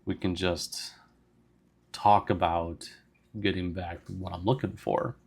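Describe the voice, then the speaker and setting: A man voicing a level-headed male cyberpunk runner who negotiates calmly and firmly. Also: low voice, slow pace, creaky, full character voice. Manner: calm and firm, negotiating.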